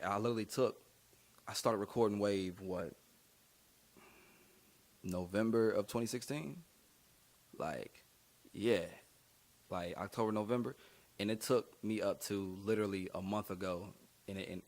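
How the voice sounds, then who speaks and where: A young adult man, a rapper, telling his story in a casual interview, laid-back and slangy with lots of fillers. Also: fairly low pitch. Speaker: rapper guest.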